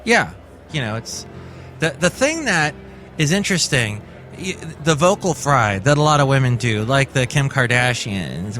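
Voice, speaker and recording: A man's voice: medium pitch, expressive, measured pace, a bit bright. A man hosting a casual commentary show, rambling and correcting himself as he goes. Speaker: host.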